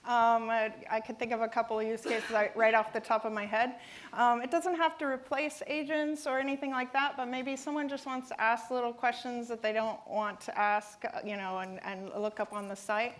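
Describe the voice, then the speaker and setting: A woman's voice: fairly high pitch, fairly even intonation, moderate pace, slight background noise. A woman giving a conference talk and answering questions, speaking with frequent fillers and restarts. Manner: hesitant, many fillers and restarts.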